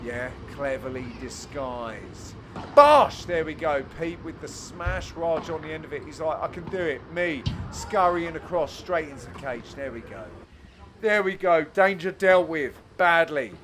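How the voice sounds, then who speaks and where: A man giving a cheeky, jokey, self-mocking voice-over commentary on amateur match footage, with bursts of excitement. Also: a little high, measured pace, faint music behind. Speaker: channel host and commentator.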